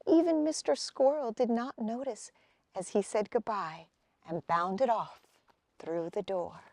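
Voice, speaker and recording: A woman reading a children's picture book aloud outdoors, unhurried and expressive. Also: medium pitch, no echo. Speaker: storybook reader.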